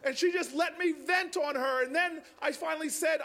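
A man giving a storytelling speech to an audience. He talks in an animated way, sometimes raises his voice, and repeats words. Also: extremely high pitch, moderate pace, hardly any pauses. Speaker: public speaker.

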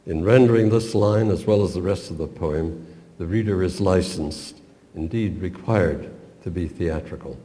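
An older man giving a measured, professorial talk on a poem, with small stumbles now and then. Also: low-pitched, warm tone. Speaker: literature lecturer. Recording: long reverb, roomy hall.

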